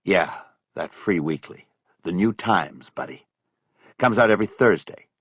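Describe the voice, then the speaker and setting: A curt, forceful middle-aged man with a low, husky voice and lively ups and downs, as a male narrator plays him. The audiobook recording sounds dry and slightly dull. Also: unhurried, no room sound, heavily acted. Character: angry, clipped middle-aged man holding back rage.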